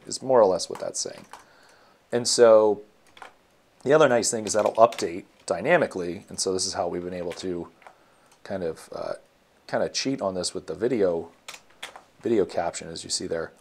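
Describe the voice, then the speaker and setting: A man's voice: low voice, moderate pace, pauses often, darkish tone. A man walking through his code in a casual screencast, thinking aloud with many ums and self-corrections. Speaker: web developer teaching. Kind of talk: casual screencast coding walkthrough.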